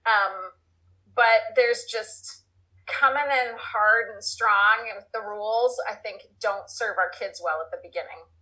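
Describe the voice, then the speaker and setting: A woman's voice: mid-range voice, unhurried, bright, forceful tone, low-quality recording. A middle-aged woman answering interview questions as an expert guest, thoughtful and explaining through long everyday examples. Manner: thoughtful, talks in long examples with acted quotes.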